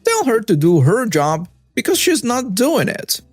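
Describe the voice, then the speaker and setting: A man's voice: high-pitched, huge pitch swings, measured pace, faint music behind, voice pushed up, heavily acted. A man voicing a rude, entitled woman shopper who screams demands at a cashier. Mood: furious. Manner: shrieking, demanding, insulting.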